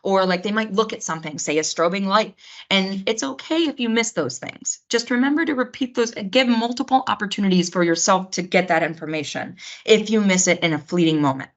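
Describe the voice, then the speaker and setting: A woman's voice: medium pitch, a little fast. A woman giving an instructional talk on autism care, earnest and explanatory, often restarting her words. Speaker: autism training presenter. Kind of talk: instructional presentation. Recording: slightly dull lo-fi sound.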